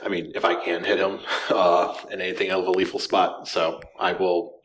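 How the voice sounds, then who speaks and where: A man playing in a tabletop game, playful and quick to laugh. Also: sits low, flat delivery, fairly bright tone. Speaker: player. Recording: echoey room, faint noise.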